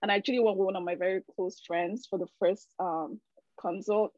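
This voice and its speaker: A woman's voice: medium pitch, steady tone, fairly quick, darkish tone, no echo. A woman giving an emotional, candid personal testimonial over a video call, full of fillers. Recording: dull, dry video call audio.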